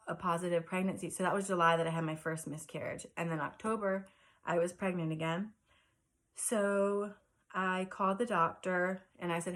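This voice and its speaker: Woman vlogger, low-pitched, earnest and halting, emotional personal storytelling. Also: a bit bright. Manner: earnest, halting, many fillers and restarts; emotional, close to tears at times. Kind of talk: casual personal storytelling to camera.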